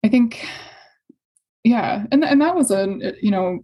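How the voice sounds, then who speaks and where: A young adult woman telling a personal story in conversation, hesitant and emotional, with many fillers and soft laughs. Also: a little high, expressive, takes it slowly, slightly rough. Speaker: guest sharing fertility story.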